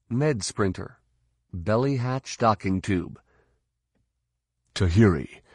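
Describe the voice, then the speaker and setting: Low-voiced guy reading an audiobook, slow, dry close mic. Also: a little mellow, no room sound. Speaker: audiobook narrator. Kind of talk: scripted narration.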